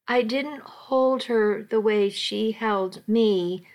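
A woman's voice: on the high side, darkish tone. A woman narrating a first-person story as an amateur audiobook, stopping now and then to restart a line. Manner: slow, with restarts and slips.

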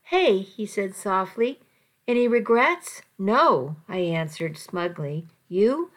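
A woman reads a romance story aloud at an unhurried pace. Her delivery is soft and intimate, in a mid-pitched voice. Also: expressive. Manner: slow, soft and intimate reading. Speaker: narrator. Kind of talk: audiobook narration of a romance story.

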